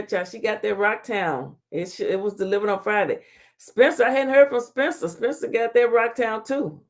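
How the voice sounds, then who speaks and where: Gravelly woman hosting a live chat. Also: mid-range voice, darkish tone. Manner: playful trash-talking, laughing, Southern slang like "child" and "honey". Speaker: talk show host. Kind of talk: casual live-stream chat reading comments.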